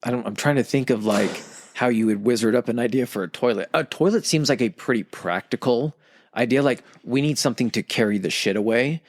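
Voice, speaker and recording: A man's voice: mid-range voice, brisk, no echo, clean studio sound. A man co-hosting a podcast in casual chat, rambling and profane, sometimes acting out quoted voices. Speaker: podcast co-host explaining history.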